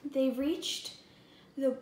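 A woman reading a picture book aloud in an expressive, deliberate way. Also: sits high. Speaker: storybook reader. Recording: echoey room, faint background hum.

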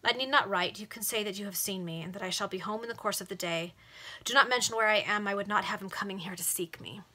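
Woman reading an earnest young gentleman. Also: mid-range voice, fast. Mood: polite. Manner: polite and earnest.

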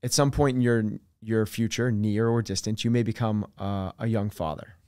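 A man speaking as a podcast guest and coach, explaining his ideas earnestly with everyday examples and dropping his voice softer on key terms. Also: on the low side, fairly even intonation, moderate pace, clear, resonant tone, no room sound, studio quality. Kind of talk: conversational podcast interview.

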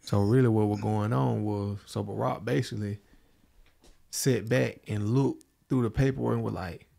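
Podcast co-guest, male, gravelly, casual, sums things up. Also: fairly low pitch, steady tone, moderate pace, warm tone. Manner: prompts and sums up the other guest's story.

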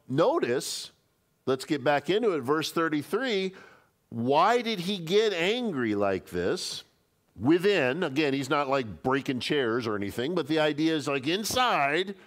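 A man, a pastor teaching a Bible study in a conversational, emphatic way. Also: on the high side. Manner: conversational and emphatic, acting out quoted speech.

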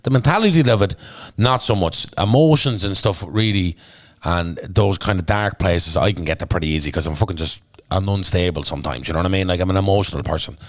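A man's voice: deep voice, fast talker, dry recording, clean studio sound. A man with an Irish Traveller accent, a podcast guest and actor, telling stories in blunt, sweary casual chat. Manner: blunt, sweary, animated storytelling.

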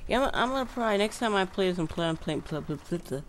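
Male gameplay commentator, rambling and profane, lively up-and-down delivery, heavy game noise in the mix. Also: sits high, quick pace. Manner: rambling, cursing, talks to himself. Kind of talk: casual let's-play commentary. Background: bus engine and traffic noise from the game.

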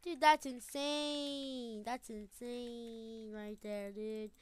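A woman giving excitable gameplay commentary, laughing often and repeating her phrases. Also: on the high side, drawn-out words, few pauses, smooth. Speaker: gamer.

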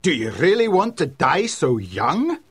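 A man voicing an excitable middle-aged male newspaper editor who talks emphatically. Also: a little high, unhurried, husky, pitched above the performer's own voice, heavily acted. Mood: brisk. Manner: emphatic, loud, swooping. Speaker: news editor.

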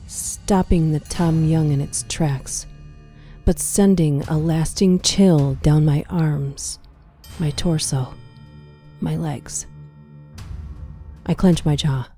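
Speaking slowly in a very low, dark voice, a woman narrates a scripted horror story, often sinking into a hushed whisper to keep the tension tight. Her intonation stays fairly even, and faint music plays underneath.

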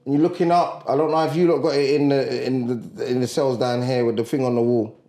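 A man's voice: medium pitch, fairly even intonation, fast, warm tone. A man, co-hosting a podcast in casual chat, talking earnestly and often asking if he is understood. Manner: earnest, repeats "do you get what I'm saying". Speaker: podcast co-host. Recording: echoey room.

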